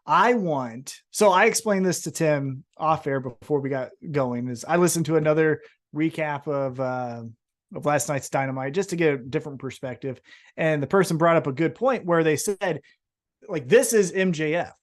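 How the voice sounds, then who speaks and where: A man's voice: a little high, normal speed. A man co-hosting a wrestling podcast, recapping a show in casual, profane chat and acting out what the wrestlers said. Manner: profane, animated storyteller acting out quotes. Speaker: podcast co-host.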